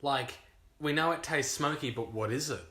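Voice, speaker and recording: A man's voice: medium pitch, normal speed, bright, forceful tone. A young man, co-hosting a casual podcast from his own lounge room, laid-back and teasing. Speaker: podcast co-host. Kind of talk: casual chat. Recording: echoey home room.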